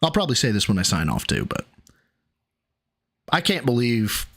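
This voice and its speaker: A man's voice: mid-range voice, very animated, moderate pace, a bit bright. A man co-hosting a livestream, ranting and teasing in a profane, exasperated way. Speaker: co-host. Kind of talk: casual livestream banter.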